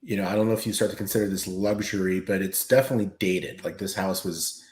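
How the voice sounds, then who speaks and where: A man chatting casually and giving relaxed advice as host. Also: low-pitched, quick pace. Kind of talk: casual chat. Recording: roomy echo.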